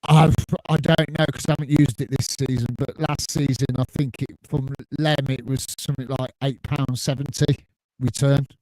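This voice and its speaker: A man's voice: mid-range voice, steady tone, moderate pace, a little mellow, no echo. A man hosting a casual fan podcast, bantering and laughing often. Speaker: podcast host. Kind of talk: casual chat.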